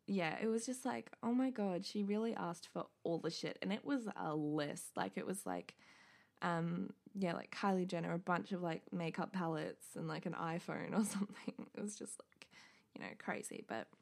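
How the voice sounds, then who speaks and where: A woman's voice: lowish voice, animated, moderate pace, vocal fry, darkish tone. A young woman co-hosting a casual chat podcast, chatty and swearing freely as she retells stories. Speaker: podcast co-host.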